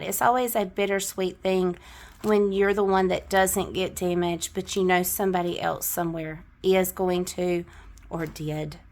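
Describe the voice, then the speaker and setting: A middle-aged woman with a Southern US accent, chatting casually to camera as she counts out cash, with a cough now and then. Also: medium pitch. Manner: chatty, counts bills aloud. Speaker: budgeting vlogger.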